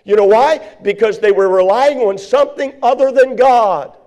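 A man preaching a sermon as pastor, building to shouted, repeated emphasis. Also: very high-pitched, moderate pace.

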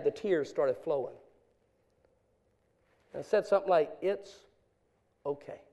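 High-voiced preaching man. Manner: swings from quiet confessional storytelling to loud preaching. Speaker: pastor. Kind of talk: sermon.

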